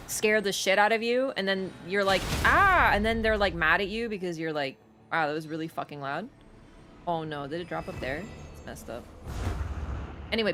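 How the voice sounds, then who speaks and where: A woman streamer chatting casually while she plays, rambling with lots of fillers and quick laughs. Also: mid-range voice, a bit bright, slight background noise. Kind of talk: casual live-stream chat while gaming.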